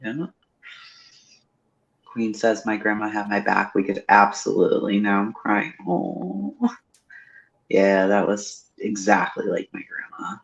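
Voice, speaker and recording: A woman's voice: very deep voice, slow, creaky, pauses often. A woman hosting a livestream chat, swearing freely and laughing as she tells family stories over a video call. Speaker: livestream host. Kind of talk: casual chat. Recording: dull lo-fi stream audio.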